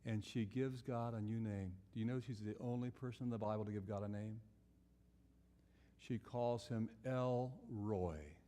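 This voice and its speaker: A man's voice: mid-range voice, dark tone, in a large hall. Man preaching a storytelling sermon. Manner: storytelling, acts out biblical characters' voices; asks the audience questions.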